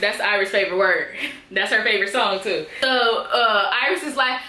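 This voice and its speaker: A woman's voice: medium pitch, fairly quick, echoey room, loud music behind the voice. A woman recapping a TV episode in a casual vlog, chatty and acting out the characters' lines. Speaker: TV episode reviewer.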